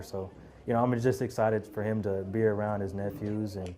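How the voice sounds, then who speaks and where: A man in his thirties speaking in a relaxed way with many fillers in an interview. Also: lowish voice, brisk. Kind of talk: casual interview.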